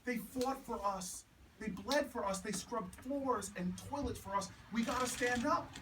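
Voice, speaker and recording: A man with a notably high voice gives an animated campaign speech, weaving in stories and building to repeated rallying lines. He is picked up from a distance in a home, with clear background noise around him. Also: measured pace. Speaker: politician. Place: house party in a home. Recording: distant mic with room noise.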